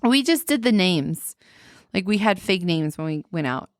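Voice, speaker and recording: A woman's voice: lowish voice, normal speed, dry recording, clean studio sound. A woman co-hosting a casual podcast, telling stories and acting out the voices she quotes. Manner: animated storyteller, acts out quoted voices. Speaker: podcast co-host. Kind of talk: casual chat.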